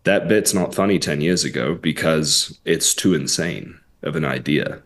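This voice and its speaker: A man's voice: very deep voice, a little slow. A man with an English accent, a comedian guest chatting casually and telling jokes with plenty of swearing. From England. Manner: profane, joking storyteller. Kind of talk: casual podcast chat.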